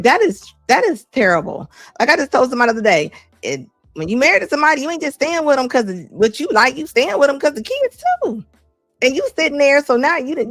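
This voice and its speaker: A woman hosting a show where she reacts to clips, with animated, incredulous, slangy commentary. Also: fairly high pitch, no echo.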